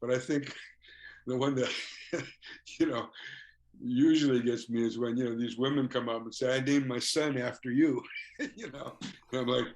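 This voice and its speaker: A man's voice: medium pitch, steady tone, normal speed, long pauses, a little mellow. An older man, a musician guest in a casual interview, telling stories with frequent chuckles and "you know" fillers.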